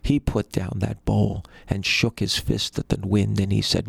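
Man telling a folk tale, gravelly, close and dry, animated. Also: on the low side, unhurried, no echo. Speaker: storyteller. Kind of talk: folktale storytelling.

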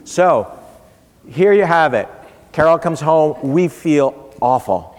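Heard in a large hall with long reverb, a middle-aged public speaker with a slightly high voice talks slowly but with animation. He shares a comic family story conversationally during his speech, voicing each person he quotes.

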